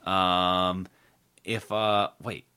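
A man hosting a podcast, chatting casually and rambling through loose thoughts with plenty of fillers and false starts. His voice sits on the low side yet has a bright, forceful edge. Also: level tone, drawn-out words, clear, resonant tone. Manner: rambling, heavy on fillers and restarts. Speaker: podcast host. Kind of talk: casual political chat.

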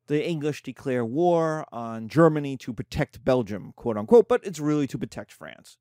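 A man teaching a history class in a loose, animated, colloquial way, slipping into quoted voices for the nations. His voice sits a bit higher than most men's, and the sound is dry and close. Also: no echo. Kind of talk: casual history lecture.

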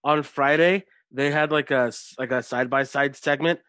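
A man's voice: medium pitch, steady tone, moderate pace, pushed and bright, no room sound. A man co-hosting a casual wrestling chat, joking and sarcastic, swearing often. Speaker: podcast co-host.

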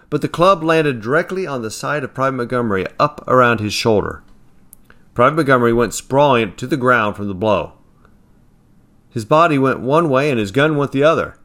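A man reads a first-person story aloud in a plain, steady way. Now and then he slips and restarts a phrase. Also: medium pitch. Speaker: narrator.

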